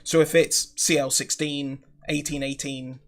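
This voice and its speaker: A man's voice: fairly high pitch, little pitch movement, a little slow, fairly bright tone. A man co-hosting a tech repair stream, explaining technical fixes with dry joking asides. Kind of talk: casual chat.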